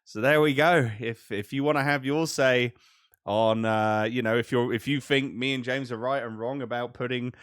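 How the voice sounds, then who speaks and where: A man's voice: mid-range voice, fairly even intonation, moderate pace, a bit bright, clean tone, no echo, studio quality. A man co-hosting a games podcast, chatting casually, swearing freely and laughing often. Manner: swears freely, laughs a lot, mocking voices. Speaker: podcast co-host. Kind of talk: casual chat.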